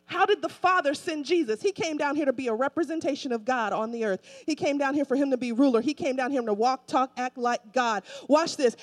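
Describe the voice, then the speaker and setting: Woman preacher, high-pitched, casual but forceful delivery, hammers lines by repetition. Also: normal speed. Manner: emphatic, repetitive, colloquial preaching. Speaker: pastor. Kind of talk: sermon.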